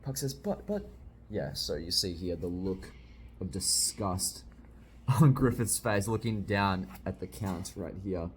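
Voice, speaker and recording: A man's voice: low voice, slow pace, slight background noise. A young man casually reviewing a comic, reacting with jokes as he reads along. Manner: chatty, jokey, reacting while reading aloud. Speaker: manga reviewer. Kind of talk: casual read-along commentary.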